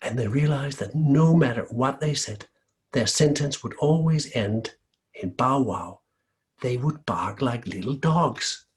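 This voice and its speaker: A man from Denmark telling a folk tale aloud in a lively, expressive way. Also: mid-range voice, a little slow. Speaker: storyteller. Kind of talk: oral folk-tale storytelling.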